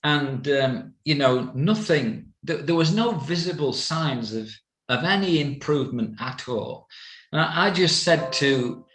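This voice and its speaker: Slow older man, roomy sound. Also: fairly high pitch, animated, a bit bright. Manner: slow, halting storytelling with many fillers. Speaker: evangelist. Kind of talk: personal testimony. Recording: roomy echo.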